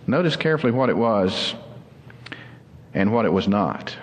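A man preaching a sermon as pastor, earnest and explanatory, slowing down to stress key words. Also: fairly low pitch, big pitch swings, in a large hall. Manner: earnest, explanatory, slows down for emphasis.

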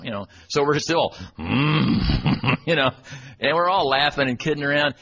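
A man's voice: a little high, lively intonation, moderate pace, fairly bright tone. A man from Texas giving a folksy, self-deprecating storytelling talk at church, chuckling as he goes. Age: 40s. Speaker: church speaker and webmaster. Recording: dull lo-fi recording with faint noise.

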